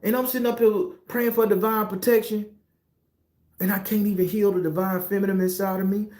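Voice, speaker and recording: A man's voice: sits high, steady tone, a little fast, darkish tone. A middle-aged man with a Southern US accent, a tarot reader giving a preachy, profane and confessional spiritual monologue. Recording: echoey room.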